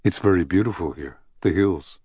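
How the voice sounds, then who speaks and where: A man voicing an emotional, awkward man in an audiobook, speaking in a halting, hesitant way. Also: low voice, dark tone, breathy edge, no echo, clean studio sound. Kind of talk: audiobook character reading.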